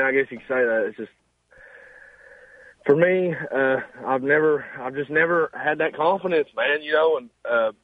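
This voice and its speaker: A man's voice: medium pitch, no room sound. Young man, 19, Appalachian Southern accent, humble and hesitant on a dry phone line. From Eastern Kentucky mountains. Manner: humble, halting, says "man" often. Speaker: caller, singer guest. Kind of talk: casual phone interview.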